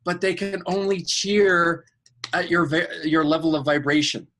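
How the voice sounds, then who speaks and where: A man, a podcast guest and coach, telling an animated story about angels and synchronicity with enthusiasm. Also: measured pace, slight background noise. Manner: acts out angels' voices in a higher, excited tone; enthusiastic, spiritual coaching talk.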